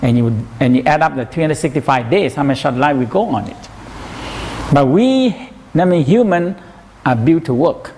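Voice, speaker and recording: A man's voice: a little high, animated, normal speed, darkish tone, a little hiss or hum. Man teaching in broken English. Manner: broken English, repeats phrases, asks "you know?". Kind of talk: teaching a massage workshop.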